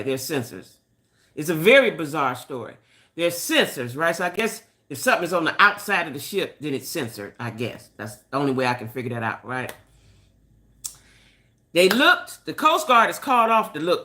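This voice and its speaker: Older woman host, gossipy and opinionated, animated pitch swings, bright tone. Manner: chatty, opinionated, talks to viewers as y'all. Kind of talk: casual gossip chat.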